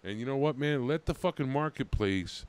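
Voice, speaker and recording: A man's voice: medium pitch, lively intonation, normal speed, clean tone. A man hosting a live stream, chatting casually in a crude, joking way and laughing often. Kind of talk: casual banter.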